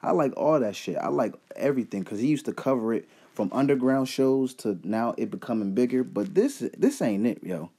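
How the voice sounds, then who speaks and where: A man's voice: mid-range voice, animated, brisk, few pauses, warm tone, breathy edge. A man giving a profane, exasperated rant as a commentary vlogger. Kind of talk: ranting commentary.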